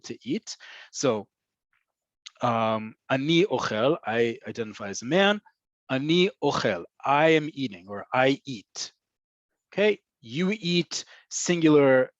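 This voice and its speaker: A man's voice: medium pitch, no echo. Man teaching over a dull, dry webinar line. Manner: explanatory, repeats words slowly for learners, asks "right?". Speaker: Hebrew teacher. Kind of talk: online language lesson. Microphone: computer mic on a video call.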